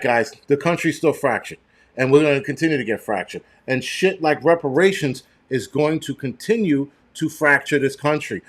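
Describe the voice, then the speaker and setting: Profane, heated middle-aged man ranting. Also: medium pitch. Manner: loose and rambling, with repeated restarts. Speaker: show host. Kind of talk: live-stream rant.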